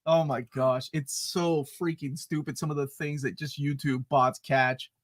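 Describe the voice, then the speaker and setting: A man's voice: fairly high pitch, flat delivery, moderate pace. A man co-hosting a casual live chat, joking and reading out viewer comments. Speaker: co-host.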